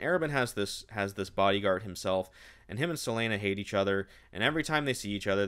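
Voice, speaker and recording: A man's voice: lowish voice, fairly bright tone. A man recapping a novel in a casual, sarcastic and exasperated rant. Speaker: book reviewer.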